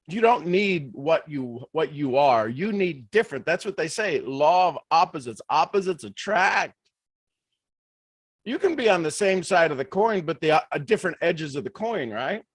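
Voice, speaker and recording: A man giving a motivational leadership talk on a live stream, animated, full of rhetorical questions and restarts. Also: on the high side, normal speed, no room sound. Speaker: leadership speaker.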